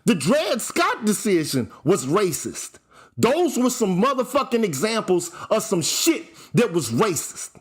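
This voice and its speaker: In a ranting commentary vlog on his channel, a man with a high-pitched, husky voice takes his time, his pitch swinging widely. The fiery, profanity-laced rant drives home one point again and again.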